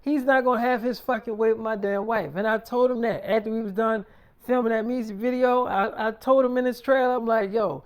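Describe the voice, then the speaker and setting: A man's voice: very high-pitched, steady tone, fairly quick, clean tone. A man telling a long story in a rambling, profane, casual way, repeating himself and quoting others as he goes.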